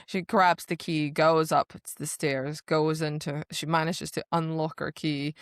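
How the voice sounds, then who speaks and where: A woman's voice: low voice, fairly even intonation, measured pace, few pauses, clean tone, no room sound, studio quality. A woman co-hosting a podcast, casually recapping a book and acting out the characters' lines with swearing and laughter. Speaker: podcast co-host.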